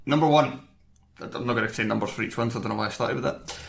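A man's voice: mid-range voice, fast talker, gravelly. A man hosting a casual podcast, talking loosely with lots of fillers and self-mocking asides. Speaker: podcast host. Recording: roomy echo.

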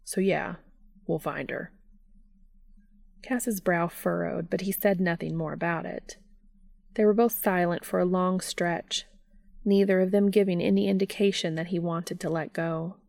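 A woman reading fan fiction aloud in a slow, subdued narration. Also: fairly low pitch, fairly even intonation, vocal fry, a little mellow, dry recording, studio quality. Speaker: reader.

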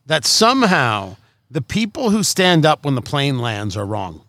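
A man co-hosting a podcast, chatting casually in an animated, joking, self-mocking way. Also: mid-range voice, measured pace, no echo, studio quality. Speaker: podcast co-host. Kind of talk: casual banter.

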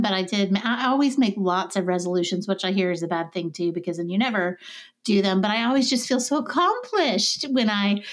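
A woman in her thirties with a slight Southern accent, co-hosting a podcast in a chatty, self-deprecating way that breaks easily into laughter. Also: medium pitch. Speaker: podcast co-host. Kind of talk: casual podcast chat.

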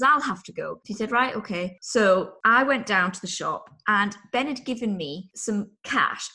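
A woman's voice: medium pitch, pushed and bright. A woman, co-hosting a casual chat and telling self-mocking stories with giggles. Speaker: podcast co-host.

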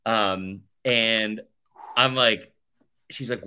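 A man's voice: fairly low pitch, takes it slowly, long pauses, bright, forceful tone, smooth. A male podcast co-host telling a rambling, sarcastic story in casual chat, saying "like" constantly. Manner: rambling, sarcastic, heavy use of "like".

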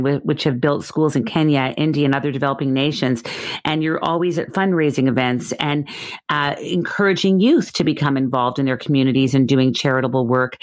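A woman interviewer asking questions in a gushing, enthusiastic way. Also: sits low.

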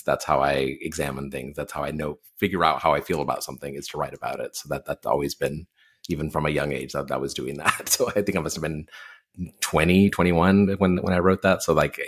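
A male writer as a podcast guest, talking in a relaxed, reflective way. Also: extremely low pitch, brisk, husky. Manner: relaxed, reflective, self-deprecating. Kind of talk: casual interview.

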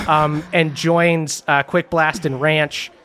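High-voiced halting game master. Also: male voice, fairly even intonation, bright, forceful tone. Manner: halting, many fillers, laughing. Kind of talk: narrating a tabletop game.

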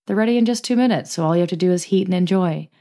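A woman co-hosting a podcast in casual, playful chat, laughing often and reading sponsor copy briskly. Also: lowish voice, warm tone. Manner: playful, giggly, reads ads briskly. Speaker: podcast co-host.

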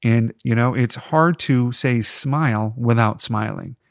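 A man's voice: mid-range voice, unhurried, gravelly, no room sound, clean studio sound. A man hosting a podcast, giving chatty, encouraging advice with jokey asides. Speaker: podcast host. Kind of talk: casual podcast advice talk.

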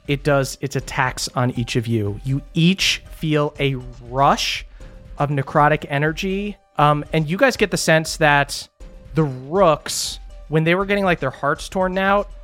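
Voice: mid-range voice, measured pace, a bit bright, soft background music. A game master narrating a tabletop game in a casual manner, laughing and swearing freely.

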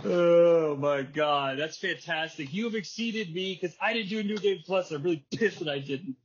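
A man hosting a casual podcast, telling a story with energy, putting on quick voices and laughing often. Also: sits high, a little hiss or hum. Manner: animated storytelling, acts out wrestler quotes and laughs often. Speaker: podcast host. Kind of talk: casual chat. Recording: dull lo-fi podcast audio.

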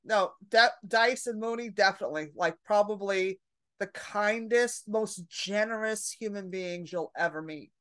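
A woman's voice: mid-range voice, a little slow. A woman comedian, a podcast guest, telling brash, profane stories in casual chat and acting out the other people's lines. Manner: brash, profane, animated storytelling with acted-out quotes.

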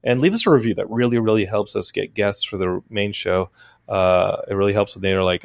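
Man, podcast host, gravelly voice, animated, laughing, casual. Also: fairly low pitch, a little fast, no room sound, studio quality. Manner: animated, laughing, swearing storyteller. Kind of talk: casual chat.

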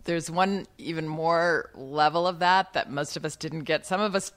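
A woman who is an author and the guest, speaking softly and reflectively in a casual conversation, giving gentle advice. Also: deep voice, moderate pace. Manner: soft, reflective, gently advising.

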